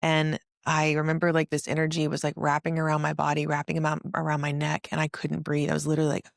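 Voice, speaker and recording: A woman hosting a casual spiritual podcast, telling stories with lively acted-out quotes. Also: sits low, fast, vocal fry, no room sound, studio quality. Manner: animated storyteller, acts out quotes. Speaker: podcast host.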